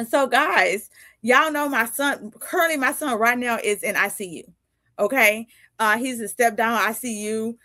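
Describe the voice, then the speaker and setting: A woman's voice: a little high, sharp tone, dry recording. A woman in her fifties hosting a casual live video chat as a podcast host and coach. She talks animatedly, laughs often and acts out little dialogues. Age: 50s.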